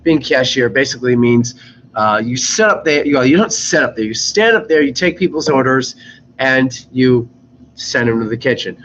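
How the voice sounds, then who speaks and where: A man's voice: medium pitch, fairly bright tone, highs cut off, slight background noise. A young man telling rambling work stories in a casual vlog, swearing freely and acting out rude customers. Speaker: vlogger. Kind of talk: casual storytelling.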